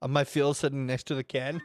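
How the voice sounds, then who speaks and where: High-voiced man chatting. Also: a little hiss or hum. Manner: rambling, animated storytelling with sudden loud outbursts. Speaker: gaming streamer. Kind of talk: casual stream chat while playing.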